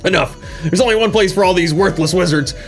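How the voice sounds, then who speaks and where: A man's voice: sits high, fast talker, faint music behind, natural voice. A man voicing a stern, dismissive male police commissioner in a game playthrough. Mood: cold.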